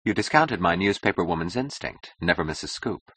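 A man's voice: low voice, lively intonation, fairly quick, a bit bright. A man voicing a cool, mocking young woman who speaks in a languid, ironic drawl.

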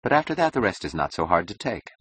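A man's voice: lowish voice, very animated, quick pace, a bit bright, slightly rough, dry recording, pitched above the performer's own voice, heavily acted. A man voicing a cool, mocking young woman who speaks in a languid, ironic drawl.

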